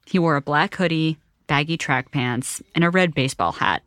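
A woman reporter narrating a documentary story in a measured, wry storytelling voice. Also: low voice, fairly bright tone, no echo, studio quality.

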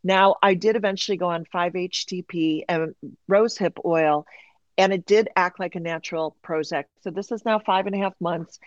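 Woman guest, candid storytelling, animated, slips into quoted voices; dry, slightly dull sound. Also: lowish voice, moderate pace, no room sound. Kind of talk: candid personal story in conversation.

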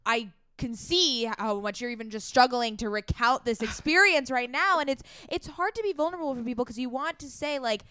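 A woman co-hosting a podcast, answering her guest in an affirming, animated way in a casual chat. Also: sits high, a little fast, few pauses, clean tone, no room sound, clean studio sound. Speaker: podcast co-host.

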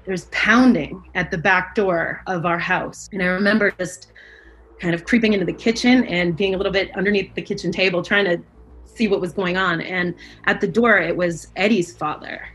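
Woman interviewee, mid-pitched, hesitant emotional recollection with fillers. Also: normal speed, soft background music, low-quality recording. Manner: hesitant, with fillers and restarts, growing intense. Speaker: interviewee recalling a childhood event.

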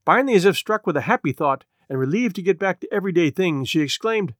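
Guy reading a story out loud, expressive, bit high pitched, dry close mic. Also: no echo. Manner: measured, expressive narration. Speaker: narrator.

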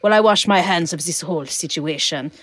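A woman's voice: lowish voice, a little fast, fairly bright tone, husky, dry recording, voice pushed down. A woman voicing a sinister, haughty female raccoon art thief in a mock French accent that slides toward Russian, taunting and repeating herself. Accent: mock French drifting to Russian.

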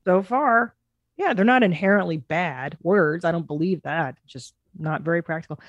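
A middle-aged woman co-hosting a podcast, chatting casually with lots of swearing and animated storytelling. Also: lowish voice, normal speed, no echo, muffled recording. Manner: profane, animated storytelling with mimicked voices. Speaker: podcast co-host.

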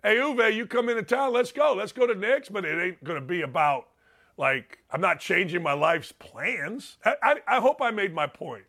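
A man's voice: sits high, normal speed, bright, forceful tone. A man hosting a talk show, ranting in a blunt, fired-up way and repeating himself for emphasis. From Indiana. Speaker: radio show host. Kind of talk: opinionated talk show monologue.

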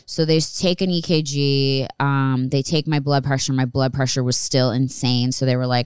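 A woman's voice: very deep voice, flat delivery, normal speed, few pauses, a little mellow, smooth, dry recording, clean studio sound. A woman in her thirties telling a personal story as a podcast host, candid and profane, rambling with restarts. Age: 30s. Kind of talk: casual storytelling monologue.

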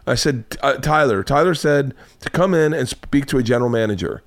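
A man chatting on a podcast, telling profane stories and acting out the dialogue. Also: medium pitch. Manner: profane, fast-moving anecdotes with acted-out dialogue. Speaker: podcast guest, husband of the host. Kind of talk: casual chat, animated storytelling.

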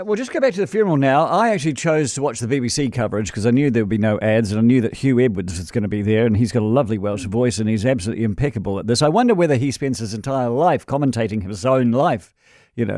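A man's voice: medium pitch, fast, dry recording, clean studio sound. A man, a radio host, telling jokey stories in casual chat. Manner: lively storyteller, jokey.

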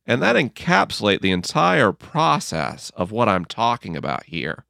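A man being interviewed about his book, telling stories in an earnest, gently humorous way and acting out his own inner dialogue. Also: on the low side, huge pitch swings, measured pace, gravelly, no echo, clean studio sound. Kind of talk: reflective conversational storytelling.

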